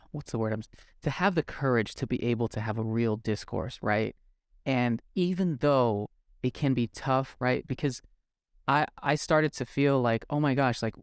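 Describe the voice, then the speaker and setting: A man hosts a conversational podcast interview, rambling and heartfelt as he circles back and restarts his thoughts. His voice sits at a middle pitch. The recording is dry and close. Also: no echo. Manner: rambling, warm-hearted, many fillers and restarts. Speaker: podcast host.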